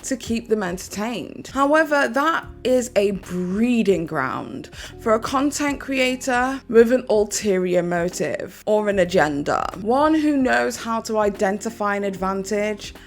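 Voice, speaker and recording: A woman giving scripted commentary in a measured, explanatory way. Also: medium pitch, animated, faint music behind. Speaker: commentary YouTuber.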